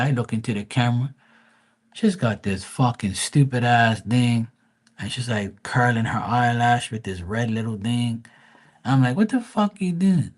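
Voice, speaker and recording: A man telling stories in a casual, crude and mocking rant, full of swearing, with stammered restarts. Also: medium pitch. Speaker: vlogger.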